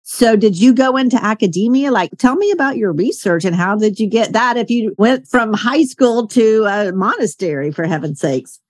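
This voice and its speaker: A woman's voice: fairly high pitch, animated, normal speed, hardly any pauses, dry recording. An older woman hosting an interview podcast, responding enthusiastically and asking questions in a chatty way. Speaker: podcast host. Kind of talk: conversational interview.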